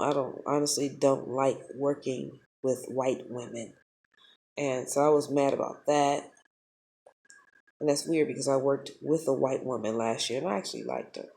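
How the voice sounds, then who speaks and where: A woman, telling a personal story in a casual vlog, blunt and profane, animated as she talks. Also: low-pitched, creaky. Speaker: spiritual vlogger.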